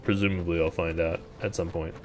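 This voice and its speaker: A man with a low voice and little pitch movement talks briskly while streaming a video game. His commentary is casual, wry, sarcastic and laid-back.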